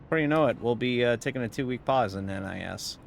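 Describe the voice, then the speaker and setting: A man's voice: medium pitch, fast talker, gravelly, slight background noise. A tired man giving casual, rambling live-stream commentary while sim racing, wry and swearing now and then. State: tired, yawning.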